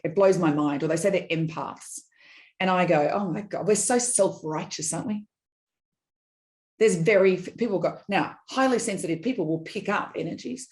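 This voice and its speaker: A middle-aged woman, a podcast guest, telling personal stories in an animated, digressive way and acting out quoted dialogue. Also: sits low. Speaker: guest, business consultant. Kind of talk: candid personal storytelling in a podcast interview.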